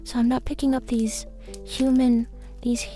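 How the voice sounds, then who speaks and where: A woman's voice: a little high, level tone, a little slow, warm tone, faint music behind, voice pushed up, close to an everyday voice. A woman voicing a small, fussy female garden fairy who lectures in a preachy, easily agitated, rambling way. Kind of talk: comic character podcast chat.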